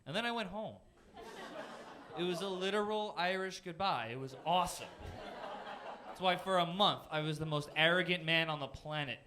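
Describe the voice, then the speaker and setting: A young man from Florida works a comedy club crowd with a high, light voice and punchy, self-deprecating delivery. He uses a handheld stage mic, and the live room is noisy with audience laughter behind him. He slips quickly into goofy character voices. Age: 20s. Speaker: stand-up comedian. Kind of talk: stand-up comedy set.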